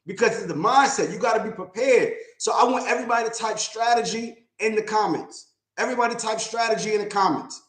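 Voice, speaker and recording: Speaking fast with a fairly bright, high voice, this man is a real estate investor and mentor doing a livestream talk. The room echoes, and his manner is blunt and emphatic, with points said more than once.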